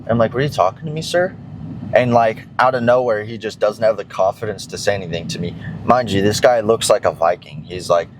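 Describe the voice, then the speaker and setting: A man's voice: lowish voice, a little fast, hardly any pauses, background noise. A young man casually chatting to his viewers in a fitness vlog, rambling with many fillers and casual swearing. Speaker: fitness vlogger.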